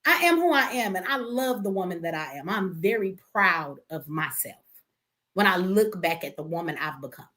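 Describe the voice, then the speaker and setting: In an emotional livestream rant, a middle-aged host talks bluntly, profanely and hotly to her viewers. Her voice is on the low side, expressive, pushed and bright, at a normal speed.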